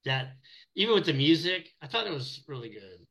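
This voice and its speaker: A middle-aged man with a fairly high, bright voice tells stories in a casual interview. His pitch swings widely, and he rambles, trips over his words and restarts as he goes. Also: normal speed, rough recording. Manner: rambling, animated storyteller with many restarts. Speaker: animator guest.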